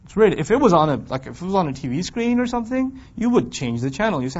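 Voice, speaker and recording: A man teaching a Quran class in a lively, conversational way, firing rhetorical questions at his students and acting out complaining voices. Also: high voice, fast. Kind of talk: classroom lecture on scripture. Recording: dull lo-fi recording.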